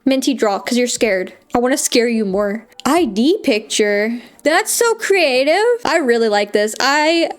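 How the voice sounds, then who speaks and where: High-voiced woman, animated casual commentary. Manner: expressive, exasperated, scolding in a motherly way. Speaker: artist streamer critiquing commission pages.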